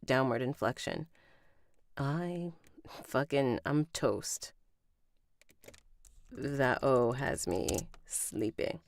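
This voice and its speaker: A woman's voice: extremely low pitch, animated, drawn-out words, long pauses, no echo. A woman recording an audiobook on a live stream, rereading lines and stopping to comment and laugh at herself. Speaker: audiobook narrator.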